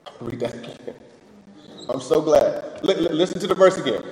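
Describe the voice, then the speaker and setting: A man's voice: a little high, animated, normal speed, a little mellow, roomy sound, big-room sound, poor audio. A man preaching a sermon in a conversational way, often asking "right?" and restarting his sentences.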